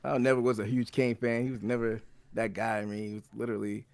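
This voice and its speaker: A man's voice: lowish voice, level tone, fast talker, gravelly, darkish tone, dry recording. A man co-hosting a podcast, talking loosely in casual chat. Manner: loose, rambling, lots of fillers. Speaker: podcast co-host.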